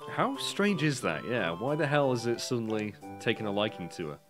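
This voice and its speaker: A man's voice: medium pitch, very animated, brisk. A British man casually commenting on a video game, reading the dialogue aloud and swearing. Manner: chatty, reads game text aloud in plain voice, swears, self-mocking. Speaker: let's play commentator. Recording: game music playing behind.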